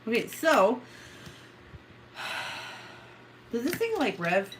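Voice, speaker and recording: Woman streamer chatting w viewers, swears a lot, bit high voice, little hiss behind her. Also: huge pitch swings, very slow. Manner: swearing, joking, bursting into laughter. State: coughing. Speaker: livestream host. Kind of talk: casual livestream chat with viewers.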